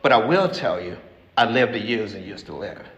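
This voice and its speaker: A man in his sixties giving a recovery testimony at a meeting, talking frankly and haltingly, repeating himself as he tells his story. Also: fairly low pitch, lively intonation, a bit bright, highs cut off. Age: 60s. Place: meeting hall. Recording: echoey hall with faint noise.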